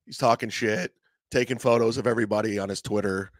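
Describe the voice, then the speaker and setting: A man hosting a comedy podcast, telling a profane, animated story in a casual way and acting out the voices of others. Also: lowish voice, fast talker, dry recording.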